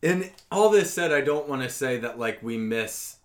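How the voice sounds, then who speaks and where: A man co-hosting a casual podcast, animated and profane, breaking into loud mock voices. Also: mid-range voice, normal speed. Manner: animated, swears a lot, shouts mock voices. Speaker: podcast co-host.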